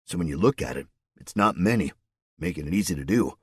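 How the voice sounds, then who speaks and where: Male reader as a steady, soft-spoken planner; low, husky, dry. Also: no echo. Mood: measured. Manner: quiet, measured. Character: calm older man, former gym teacher, resistance planner.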